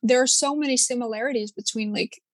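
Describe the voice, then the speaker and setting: A young woman who is not a native English speaker chats in an animated way. She leans on fillers and the odd swear. Her voice is a touch higher than usual and sounds dry and close. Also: fast, no echo. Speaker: conversation partner. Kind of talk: casual chat.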